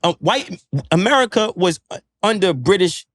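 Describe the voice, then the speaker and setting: A man's voice: high-pitched, animated, moderate pace, fairly bright tone. A man who is a podcast guest, lecturing in casual chat with emphatic, profane street slang. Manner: preachy, lecturing.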